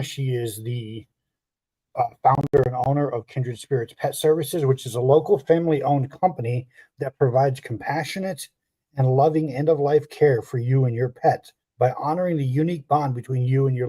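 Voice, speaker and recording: A man's voice: mid-range voice, normal speed, warm tone. A man co-hosting a pet podcast, reading a guest's bio with wry asides and stumbling over a few names. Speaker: podcast co-host.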